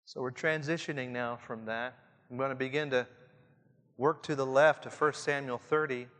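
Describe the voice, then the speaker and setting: A man with a Southern Indiana accent preaching a reflective sermon to pastors, often dropping to a soft hush to stress a point. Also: mid-range voice, steady tone, normal speed. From Southern Indiana, USA. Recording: long hall reverb.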